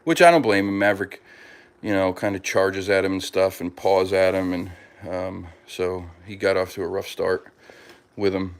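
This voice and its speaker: A man's voice: deep voice, steady tone, normal speed, clear, resonant tone. A man chatting casually at home as a podcast host, rambling with lots of fillers and restarts and talking fondly about his pets. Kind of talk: casual chat.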